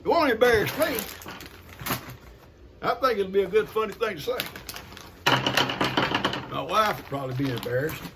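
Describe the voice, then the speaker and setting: An older man talks in a folksy, rambling way, chuckling as he goes. His voice sits high for a man and swings up and down a lot. A steady hiss of noise runs under the recording. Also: moderate pace, pauses often. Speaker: vlogger opening gifts. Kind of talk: casual chat to viewers.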